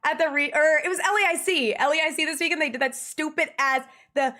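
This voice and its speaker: A young woman streaming, chatting casually with viewers and ranting in an exasperated, animated way. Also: high-pitched, fast, few pauses. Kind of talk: casual livestream chat.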